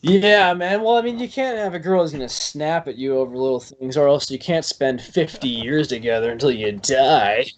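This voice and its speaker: A young man, a podcast guest, telling stories in a rambling, animated way full of fillers. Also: medium pitch. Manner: rambling, filler-heavy, animated with quick bursts. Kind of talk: casual storytelling chat.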